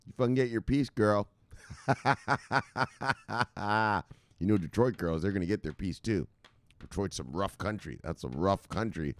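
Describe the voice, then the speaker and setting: An excitable man hosting a casual crypto livestream, reading out viewer comments with profanity and shouted catchphrases. His voice swings widely in pitch. The sound is dry and close. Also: unhurried, dry recording. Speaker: crypto channel host.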